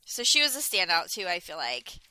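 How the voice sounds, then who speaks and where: A woman in her thirties chats casually on a podcast, her voice very bright and forward. She talks in a loose, rambling way, full of fillers and quick restarts. The sound is dry and close, with no room around her. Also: on the low side, very animated, dry recording. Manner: chatty, many "like" fillers and restarts. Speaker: podcast co-host. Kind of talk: casual chat reviewing a dating show.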